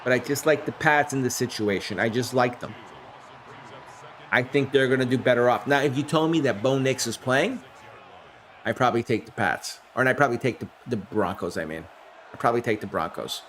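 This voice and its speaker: A man's voice: medium pitch, a little fast, fairly bright tone, a little hiss or hum. A man streaming play-by-play of a simulated game, jumping up on big plays and chatting loosely with viewers. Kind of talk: live-stream play-by-play with chat replies.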